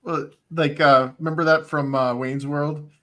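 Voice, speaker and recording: A man's voice: fairly high pitch, flat delivery, a little slow, a bit bright. A man co-hosting a casual movie podcast, giggly, joking and crude. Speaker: podcast co-host.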